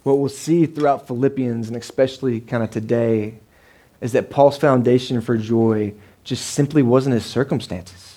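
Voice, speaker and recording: A man in his thirties preaches to his congregation in a loose, conversational way, with plenty of asides and quick questions to the room. His voice sits at an ordinary middle pitch for a man, and he speaks from the pulpit of a church sanctuary. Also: dark tone. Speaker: pastor. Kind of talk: sermon.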